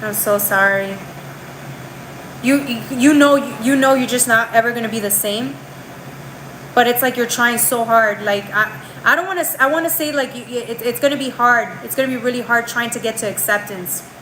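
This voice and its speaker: Brisk and fairly bright, a woman with a slightly high voice gives a live tarot reading, recorded at low quality with a little hiss or hum. She chats in slang, calls the viewer girl and bro, and tags lines with "right?" She often restarts or trails off mid-phrase.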